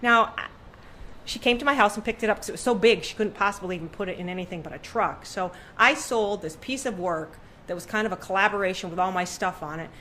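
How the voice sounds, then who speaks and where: Middle-aged woman, guest storyteller, animated, acted-out quotes, mid pitch, faint background hiss. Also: fast talker. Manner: animated, acts out quoted voices with big pitch jumps. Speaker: podcast guest, artist. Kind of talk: storytelling in conversation. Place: room with her paintings on the walls.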